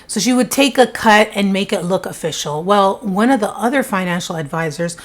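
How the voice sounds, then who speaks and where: A woman's voice: mid-range voice, expressive, brisk. A woman casually telling a true-crime story to camera in a chatty, conversational way, with frequent asides.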